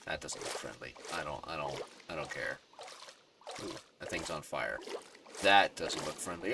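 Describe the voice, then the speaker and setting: A man's voice: rumbling low, moderate pace, gravelly. A man narrating his own gameplay, exasperated and muttering to himself, with sudden panicked yelps. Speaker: gaming video creator. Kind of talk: let's play commentary. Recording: distant mic with loud background noise.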